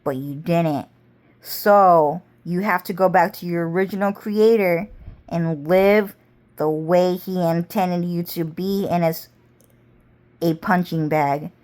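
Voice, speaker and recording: A woman talking straight to the camera in a rambling casual monologue, full of swearing and drawn-out phrases. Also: lowish voice, a little mellow. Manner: rambling, heavy profanity, drawn-out.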